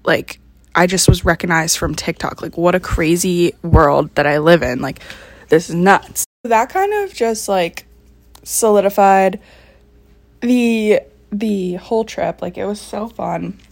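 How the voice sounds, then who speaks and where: A young woman in her early twenties tells a casual story, chatty and excitable, with her speech full of fillers. Her voice sits on the lower side for a woman. The sound is dry and close, with no room echo. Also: unhurried, vocal fry. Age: early 20s. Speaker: podcast host.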